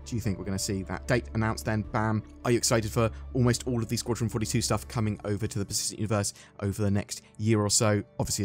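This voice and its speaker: Upbeat English man hosting gaming news. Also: darkish tone. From England. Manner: chatty and upbeat, tosses in "bam" and "boom". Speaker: gaming channel host. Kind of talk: casual gaming news update.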